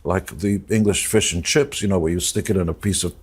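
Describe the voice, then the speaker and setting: A man telling an emotional personal story in a TV interview, reflective and halting, getting choked up at times. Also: sits low, steady tone, husky. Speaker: interview guest.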